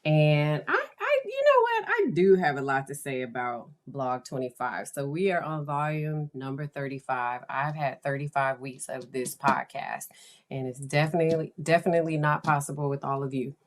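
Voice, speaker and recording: A woman's voice: a bass voice, normal speed. A woman hosting her own podcast, talking in a chatty, enthusiastic way and laughing often. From United States. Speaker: podcast host. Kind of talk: casual podcast talk.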